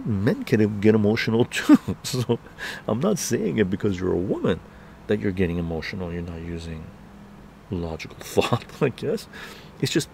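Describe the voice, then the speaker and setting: Male streamer, casual political rant outdoors; gravelly voice with lively swings in pitch, keeps asking "right?". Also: a little hiss or hum. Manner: heated ranting, keeps tagging "right?". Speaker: live stream host. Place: outdoor patio garden.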